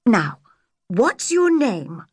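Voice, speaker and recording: A stern, practical older spinster, as a woman reader voices her, firm and brisk. Her voice moves widely in pitch, and the audiobook recording is dry and close. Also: sing-song, slightly rough, no room sound, heavily acted.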